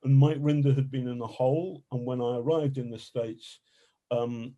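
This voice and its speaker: Warm-voiced man telling stories. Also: mid-range voice, normal speed, dull audio. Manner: animated, colorful, swears freely. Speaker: investigative journalist, guest. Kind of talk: casual storytelling interview.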